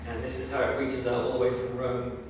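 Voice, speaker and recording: A man preaching a sermon in an earnest, measured way, with fillers and raised emphasis when he quotes scripture. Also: mid-range voice, monotone, noisy background. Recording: echoey hall from far off.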